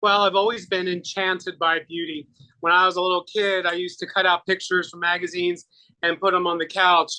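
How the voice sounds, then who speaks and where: A middle-aged man talks with a bright, clear tone as an interview guest. He tells stories in an animated way and acts out what others said to him. His laughs come easily as the chat goes on. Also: high voice, moderate pace, rough recording. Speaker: guest, makeover artist and singer.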